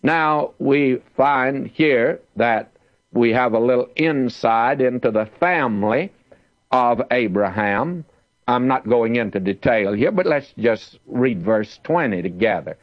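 A man's voice: medium pitch, expressive, slow, no echo, dull audio. A man teaching the Bible verse by verse, reading scripture aloud with emphasis.

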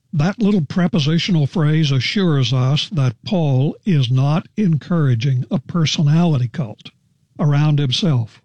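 A man's voice: on the high side, darkish tone, no room sound, dull audio. Earnest male Bible teacher, dry sound. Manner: earnest, deliberate, emphasizes key words.

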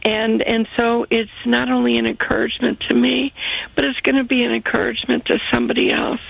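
A woman calling in to a Christian radio show, earnest and grateful, talking in halting phrases. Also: a little high, level tone, no room sound. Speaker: caller. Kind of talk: call-in radio testimony. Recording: phone line, slightly gravelly.

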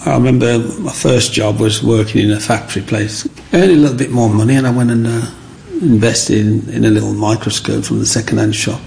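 A man's voice: lowish voice, vocal fry, slight background noise. A middle-aged man, telling his life story as an interview guest and acting out the people in it. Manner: animated, acts out the people in his stories.

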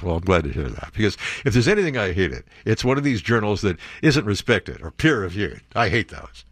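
A male talk radio host speaks into a studio mic with biting sarcasm and a mocking edge. His pitch swings widely as he riffs and needles. The sound is dry and close, with no room around it. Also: sing-song, brisk, few pauses, slightly rough, no room sound. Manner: sarcastic, mocking, jumps to put-on voices. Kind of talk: opinionated talk radio monologue.

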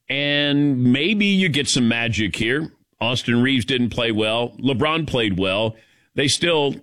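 A man's voice: mid-range voice, fairly bright tone, dry recording. Man, sports talk host, casual chat, conversational, dry studio sound. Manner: conversational, easygoing, reads ad copy between chat.

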